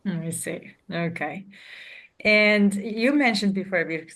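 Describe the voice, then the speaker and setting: A woman's voice: medium pitch, slow, a bit bright. A woman co-hosting a language podcast, asking curious questions in a chatty way. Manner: curious, asks questions, uses "like" often. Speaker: podcast co-host. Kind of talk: casual educational chat.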